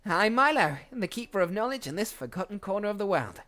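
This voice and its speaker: A man's voice: sits high, sing-song, fast talker, pitched above the performer's own voice, heavily acted. A man voicing a tiny, dramatic male goblin lore keeper with a put-on English accent. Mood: grand welcome. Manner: theatrical, swings from hushed to yelling.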